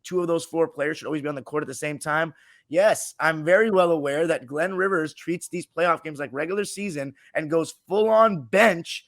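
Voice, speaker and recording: A man hosts a relaxed basketball podcast in a fairly high voice, mixing strong opinions with teasing jokes. His voice sits close and dry, with no room around it. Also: normal speed, no echo. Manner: opinionated, jokey, lively when teasing. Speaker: podcast host. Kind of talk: casual sports podcast chat.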